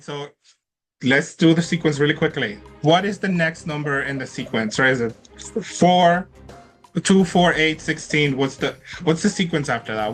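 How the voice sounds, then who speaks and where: A man's voice: mid-range voice, fairly bright tone. A man hosting an online trivia quiz, upbeat and chatty, laughing often as he reads out questions and scores. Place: online event with participants in chat.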